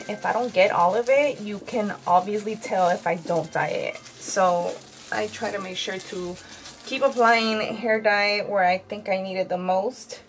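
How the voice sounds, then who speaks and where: A vlogger in her thirties with a mid-range voice chats candidly with her viewers while dyeing her hair, using fillers throughout. At times she becomes tearful, and the audio quality is poor.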